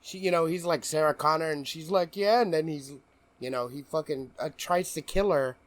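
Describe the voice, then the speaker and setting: A man's voice: on the high side, moderate pace, no echo. A man co-hosting a podcast, telling a story in casual chat and laughing often as he goes. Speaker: podcast co-host.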